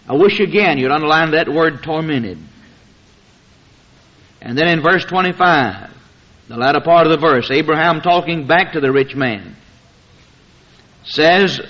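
A man's voice: a little high, expressive, unhurried, long pauses, bright, forceful tone. A man preaching a sermon, reading scripture aloud and stressing words solemnly and emphatically. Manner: solemn, emphatic preaching in King James phrasing. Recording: muffled lo-fi sermon recording.

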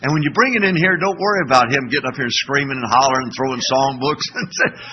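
An older man preaching a sermon as pastor, asking the congregation to call back answers and breaking into shouts. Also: mid-range voice, quick pace, lo-fi sound, slight background noise. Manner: animated preaching with call-and-response questions; sudden shouting bursts.

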